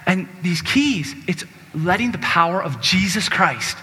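A man's voice: high voice, animated, a little slow, sharp tone. A man preaching a Catholic sermon, exuberant and exclamatory, leading the crowd in call-and-response chants. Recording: long reverb of a large hall.

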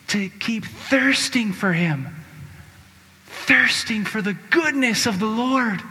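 A man's voice: sits high, pushed and bright. A man preaching a Catholic sermon, exuberant and exclamatory, leading the crowd in call-and-response chants. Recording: long reverb of a large hall.

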